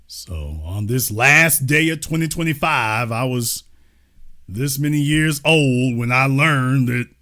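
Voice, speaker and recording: A man hosting a live-stream talk show, making casual, mocking commentary with animated asides. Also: medium pitch, slow. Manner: animated, mocking, slips into mimicked voices.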